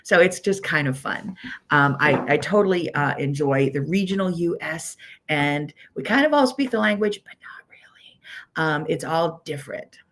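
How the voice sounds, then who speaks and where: A woman with a Pittsburgh accent chats casually on her livestream. Her voice sits low with a gravelly edge. She rambles warmly through greetings, filling pauses with "um.". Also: expressive, a little hiss or hum. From Pittsburgh, USA. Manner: chatty, rambling, many "um"s, greets viewers by name. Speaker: quilting teacher hosting a weekly livestream.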